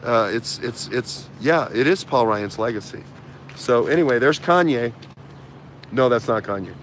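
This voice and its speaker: A man's voice: medium pitch, animated, a little slow, slight background noise. A man hosting a casual political talk show, rambling with many fillers, restarts and repetitions. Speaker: host.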